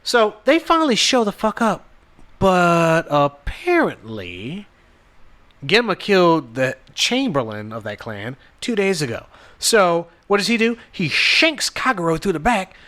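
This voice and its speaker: Dude on a podcast swearing through a movie recap, kinda high, bright voice. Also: male voice, very animated, unhurried. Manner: rambling, profane, restarts, acts out characters. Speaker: podcast co-host. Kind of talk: casual chat recapping a film.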